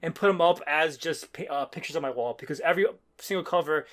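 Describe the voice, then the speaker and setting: A man with a high voice talks quickly on a casual review podcast. He recaps with excited, rambling energy and often restarts his sentences. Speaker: podcast co-host. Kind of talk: casual comic-book review chat.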